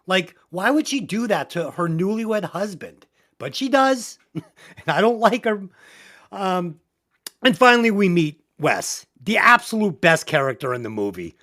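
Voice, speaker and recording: A woman's voice: lowish voice, sing-song, a little slow. A woman co-hosting a comedy movie review podcast, ranting bluntly and swearing constantly in casual chat. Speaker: podcast co-host.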